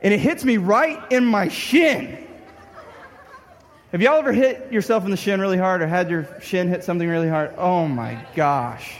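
A young man preaches through a funny personal story, his voice pitched high and ringing with a long hall reverb. He acts out his own frustration, now and then breaking into a shout. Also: lively intonation, normal speed, some chatter behind. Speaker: pastor. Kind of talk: storytelling sermon.

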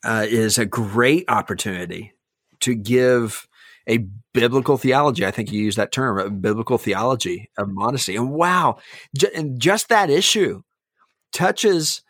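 A man's voice: mid-range voice, expressive, a little slow, a bit bright, dry recording. Earnest male pastor, dry sound. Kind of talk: podcast conversation.

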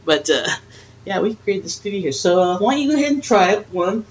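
A woman's voice: mid-range voice, big pitch swings, brisk, lo-fi sound. An older woman talks casually as a podcast host, rambling in a friendly, teasing way. She laughs often between thoughts and keeps the chat loose and unscripted. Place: friend's house, dim room.

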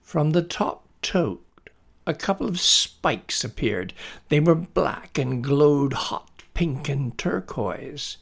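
A male storyteller reading a children's tale aloud, taking his time over each sentence. His voice is gravelly with plenty of creak, and his pitch sits in the middle range. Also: lively intonation. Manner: slow, deliberate storybook reading.

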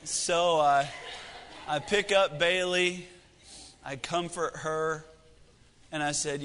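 High, bright-voiced male preacher in a hall. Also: fairly even intonation, slow pace, long pauses, slight background noise. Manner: folksy, self-deprecating, joking. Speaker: pastor. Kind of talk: humorous sermon storytelling. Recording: echoey hall reverb.

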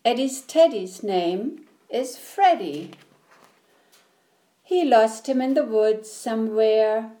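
A woman storyteller reading a children's picture book, taking each rhyming line at a very unhurried pace. Her voice sits fairly high, and her delivery is steady and rhythmic.

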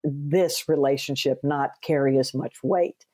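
A woman hosting an interview, an author who tells lively stories, acts out quoted dialogue and speaks earnestly from her faith. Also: very deep voice, a little slow. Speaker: podcast host and author. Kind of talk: conversational interview.

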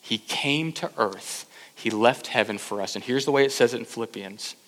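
A man preaching a sermon as pastor, emphatic and repetitive, swinging between loud urging and hushed intensity. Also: mid-range voice, moderate pace. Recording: long reverb of a large hall.

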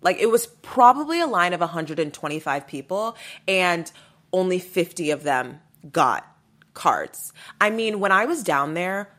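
Podcast host, woman, lowish voice that swings up and down a lot, blunt storyteller who swears freely. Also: sing-song, measured pace, a bit bright. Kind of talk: casual storytelling monologue.

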